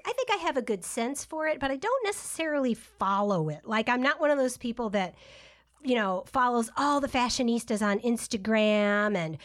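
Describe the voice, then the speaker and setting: A woman with a fairly high voice co-hosts a relaxed podcast conversation. She laughs easily and gushes with enthusiasm, then slips into a chatty, upbeat read for a sponsor. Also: normal speed. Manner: laughs often, gushing. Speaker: podcast co-host. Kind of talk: casual chat.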